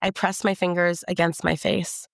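A woman giving a measured, intimate first-person audiobook narration. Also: on the low side, flat delivery, gravelly, no room sound, clean studio sound.

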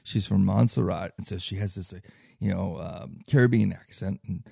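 A man's voice: low-pitched, normal speed, creaky, mellow, breathy edge, no echo. A man telling a long personal travel story in casual chat, rambling with many fillers and tag questions. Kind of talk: casual anecdote.

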